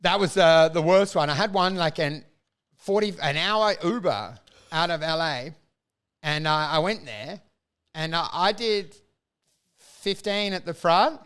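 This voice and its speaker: A man's voice: a little high, a little slow, long pauses, a bit bright, clear, resonant tone. An Australian man and comedian in casual chat, ranting with lots of swearing and frequent laughter. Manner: profane, ranting, laughing often. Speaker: comedian, podcast guest.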